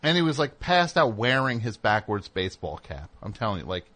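A middle-aged man hosting a show, telling a casual story and acting out the people in it with sudden loud outbursts. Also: lowish voice, brisk. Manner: animated, acts out voices with loud outbursts. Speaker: host.

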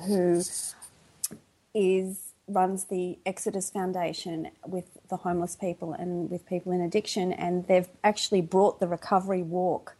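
A woman's voice: lowish voice, slightly rough. Australian woman, guest, laughs easily. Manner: warm, laughs often, reflective. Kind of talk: casual podcast interview.

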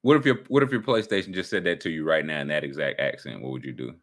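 A man's voice: a bass voice, quick pace, fairly bright tone. A man chatting casually on a livestream, joking around in playful banter. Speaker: streamer.

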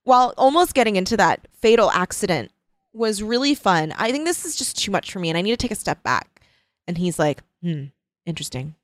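A woman's voice: medium pitch, brisk, no room sound. A woman in casual chat, animatedly retelling a book's plot and acting out the characters' lines. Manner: animated retelling with quoted voices. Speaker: co-host discussing a book.

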